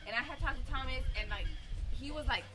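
A woman's voice: high-pitched, fast talker, over music. A woman, a mother, defending herself in a casual chat and saying "like" often. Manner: defensive, says "like" a lot. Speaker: podcast co-host, mother.

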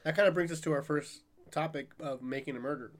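A man's voice: a little high, quick pace. A man hosting a podcast in casual chat, rambling and profane, laughing often. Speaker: podcast host.

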